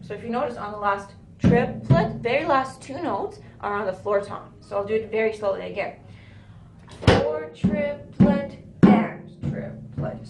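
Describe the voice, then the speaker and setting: A woman teaching drum fills in a video lesson, explaining step by step and often checking in with "right?". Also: fairly high pitch. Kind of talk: video lesson, counting rhythms aloud. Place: music school room with drums. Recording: echoey room with loud drumming.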